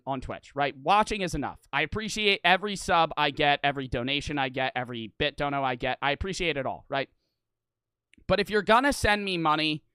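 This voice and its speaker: A young man streaming live, ranting to his chat in heated, profane bursts and sometimes yelling. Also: fairly high pitch, clear, resonant tone, dry recording. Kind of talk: ranting livestream talk to chat.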